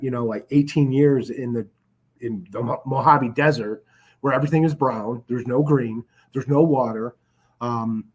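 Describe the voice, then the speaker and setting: A man's voice: mid-range voice, darkish tone. A middle-aged man from the Chicago area, telling his recovery story as a podcast guest in an earnest, reflective way, with many restarts and filler words. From Chicago area, USA. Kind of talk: personal storytelling in a podcast interview.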